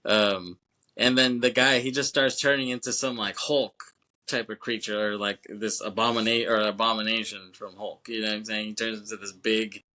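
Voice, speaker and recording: A man's voice: fairly low pitch, flat delivery, moderate pace, bright, forceful tone. A man co-hosting a film podcast, talking in a loose, rambling casual way, with filler phrases and casual swearing. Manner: rambling, frequent "you know what I'm saying". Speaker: podcast co-host.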